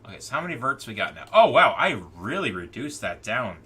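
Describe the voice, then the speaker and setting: A man's voice: mid-range voice, sing-song, brisk, bright, forceful tone, slightly rough, distant mic. A man streaming live and chatting casually as he works, rambling with stammering restarts and muttering to himself. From United States. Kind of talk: casual commentary while working.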